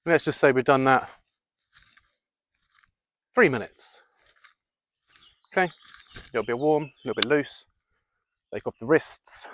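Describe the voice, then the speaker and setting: A man's voice: mid-range voice, measured pace, pauses often, a bit bright. A man leading an outdoor workout in the woods, coaching viewers through exercises and counting reps aloud. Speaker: fitness vlogger.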